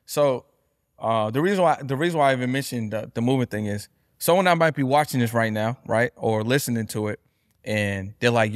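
A man hosting a podcast in casual chat, agreeable and quick to affirm. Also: medium pitch, no echo, studio quality. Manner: agreeable, affirming, hype-style. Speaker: podcast host.

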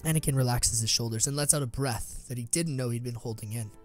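A man's voice: medium pitch, fast talker, soft background music. A man narrating a scripted fan story in a dramatic way.

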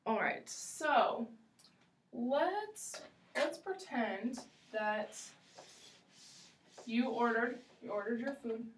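Slow, encouraging woman teacher. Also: on the high side, far from the mic, a little hiss or hum. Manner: slow, encouraging, repeats phrases. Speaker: English teacher. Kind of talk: ESL role-play lesson. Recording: echoey room, voice from afar.

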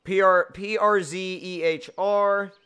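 A man's voice: sits high, steady tone, takes it slowly, pushed and bright, clear, resonant tone. A young man hosting a casual gaming video, teasing his friend and laughing while they play together. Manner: teasing, exasperated, laughs a lot. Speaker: gaming channel host. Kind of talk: casual gameplay chat.

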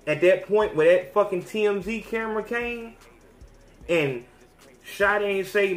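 High-voiced podcast guy ranting, lots of slang and cussing, echoey room. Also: measured pace, faint music behind. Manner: animated, slangy, heavy swearing. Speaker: podcast host. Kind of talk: profane rant. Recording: roomy echo.

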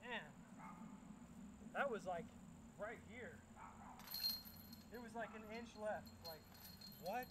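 A young man, chatting excitably to viewers as he narrates his own disc golf round outdoors. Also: high voice, slow, long pauses, very noisy. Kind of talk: casual play-by-play self-commentary.

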